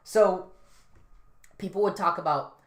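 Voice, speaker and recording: A woman's voice: on the low side, slow pace. A woman hosting a casual solo podcast, rambling and offhand with lots of fillers and restarts. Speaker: podcast host. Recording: roomy, echoey room.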